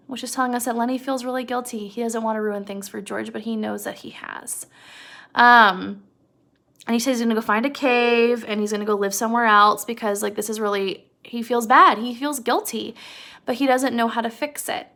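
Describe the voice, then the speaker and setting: A woman teacher gives a casual, conversational video lesson, talking students through a chapter and often checking in with "okay?". Her voice is a little high, creaky, pushed and bright, fairly quick, with fairly even intonation.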